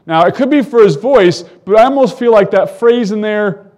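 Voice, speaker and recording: Guy teaching bible verses, reads a bit then stops to explain, fairly high voice for a man, gets animated on the quotes. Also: moderate pace. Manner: reads scripture aloud and stops to comment; animated, voice climbing when quoting the characters. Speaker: preacher.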